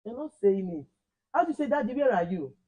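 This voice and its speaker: High-voiced teacher drilling children. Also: male voice, animated, fast talker, mellow, poor audio. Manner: quizzes children, repeats and corrects phrases; switches between Igbo and English. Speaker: Igbo language teacher. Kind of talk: classroom teaching.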